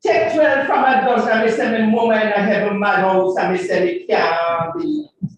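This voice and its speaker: A woman's voice: medium pitch, animated, normal speed. A woman with a Jamaican accent chanting a dub poem emphatically, then moderating a session. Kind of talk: rhythmic dub poetry recitation, then moderating. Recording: echoey hall, voice from far off.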